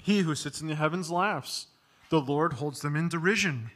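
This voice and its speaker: Male pastor, high voice, emphatic sermon delivery with loud peaks and quiet drops. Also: moderate pace.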